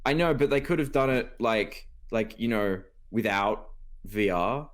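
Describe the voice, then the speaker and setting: A man co-hosting a casual gaming podcast, excitable and rambling, often laughing and restarting his sentences. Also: fairly low pitch, a little slow. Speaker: podcast co-host. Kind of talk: casual chat.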